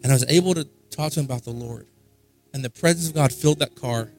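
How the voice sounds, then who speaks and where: A man's voice: mid-range voice, quick pace, darkish tone, faint music behind. A man preaching at a worship service. He tells a story in a casual, conversational way and often repeats himself for emphasis. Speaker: pastor. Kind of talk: sermon. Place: church service.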